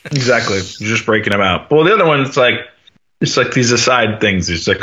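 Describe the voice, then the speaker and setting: A man's voice: medium pitch, lively intonation, a little fast, sharp tone, dull audio. A man co-hosting a casual book podcast, wry and mocking. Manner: wry, mocking, reads quotes in funny voices. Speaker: book club podcast co-host.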